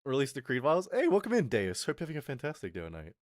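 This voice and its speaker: A young man streamer telling a story in a casual rant, animated and swearing, acting out what people said. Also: mid-range voice, rapid-fire, no room sound, studio quality.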